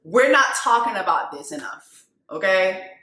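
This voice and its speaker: A woman giving loud, animated casual commentary on a song, laughing often and jumping between low asides and high exclamations. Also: normal speed, reverberant. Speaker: video host reacting to a song.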